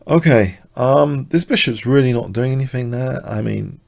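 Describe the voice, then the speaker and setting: A tired man commentating his own blitz chess game live, muttering self-deprecating remarks and clearing his throat. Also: medium pitch, moderate pace, hardly any pauses. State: slightly exhausted, coughing. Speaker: chess streamer.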